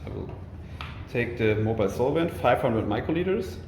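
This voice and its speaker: A man giving a live laboratory demonstration, explaining each step in a halting way with many fillers and restarts. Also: medium pitch, animated, a little mellow. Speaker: product demonstrator. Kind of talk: live lab demonstration over a video call. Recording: roomy sound with faint noise.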